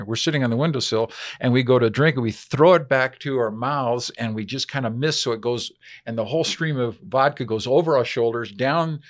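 An older man, a biblical archaeologist, telling a lively anecdote as a podcast interview guest. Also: mid-range voice. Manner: animated anecdote-telling, acts out voices.

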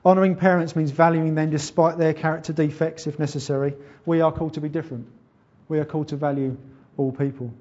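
A man's voice: a little high, flat delivery, fast, a little mellow, muffled recording. A man preaching a sermon in an earnest, conversational way. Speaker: pastor.

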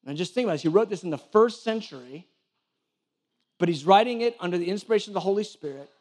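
Preaching casually, this church director has a high-pitched voice and frequently trips over his words, starting sentences again. Along the way he performs imagined conversations, playing both sides.

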